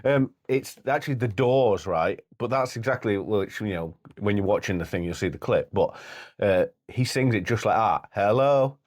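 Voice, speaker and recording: A man's voice: on the low side, normal speed. A man co-hosting a podcast in casual chat, rambling and laughing often. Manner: chatty, laughs a lot, sings snatches of songs. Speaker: podcast co-host.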